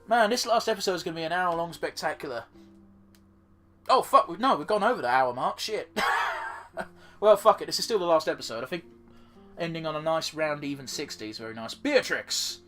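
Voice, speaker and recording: A man's voice: on the high side, expressive, brisk, sharp tone, soft background music. A man giving casual commentary over a video game playthrough, swearing freely and reading game text aloud. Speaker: let's play gamer.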